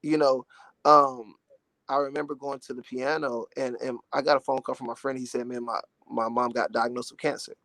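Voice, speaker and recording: A man's voice: mid-range voice, level tone, normal speed, pushed and bright, dry recording. A man in his twenties from Dallas, a gospel artist talking in a casual interview, earnest and emotional with lots of "you know"s. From Dallas, Texas. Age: 20s.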